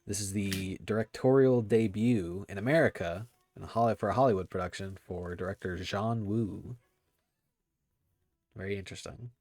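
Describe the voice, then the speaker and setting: A man with a somewhat low voice hosts a casual movie podcast. He rambles along with plenty of filler words and loose, friendly phrasing. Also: moderate pace, a little mellow, dry recording. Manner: rambling, filler-heavy, laughs often. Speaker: podcast host.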